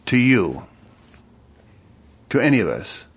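A male interviewer asking a novelist about his book in slow, expressive questions. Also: medium pitch.

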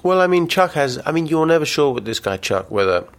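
A man's voice: a little high, very animated, a little fast. A male author reading from his novel, then answering questions in a hesitant, thoughtful way full of fillers.

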